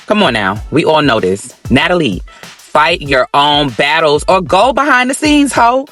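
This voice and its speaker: A man hosting a reality TV recap, talking to viewers in an animated, sassy and dramatic way. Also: a little high, measured pace, faint music behind. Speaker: host.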